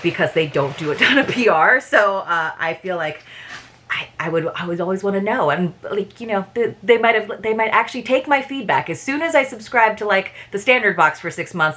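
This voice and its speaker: A woman's voice: mid-range voice, animated, a little fast, fairly bright tone. A woman in her thirties chatting casually while unboxing a subscription box, rambling and self-deprecating.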